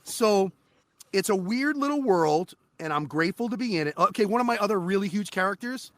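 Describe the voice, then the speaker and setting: A man guesting on an interview podcast, a voice actor telling animated, profane stories about his work. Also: high voice, brisk, no room sound. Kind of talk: casual interview chat.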